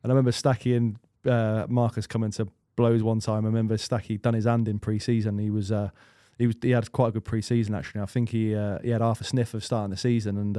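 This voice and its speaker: A man's voice: fairly low pitch, warm tone, dry recording, studio quality. A man in his thirties, a podcast guest, chatting casually and rambling through swear-laced anecdotes with lots of restarts. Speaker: guest goalkeeper. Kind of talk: casual storytelling chat.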